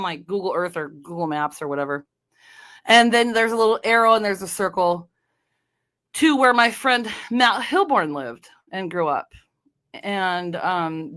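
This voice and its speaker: A woman from North Dakota hosts her own solo podcast, chatting casually and wandering between topics with lots of fillers and restarts. Her voice is mid-range with a fairly bright tone.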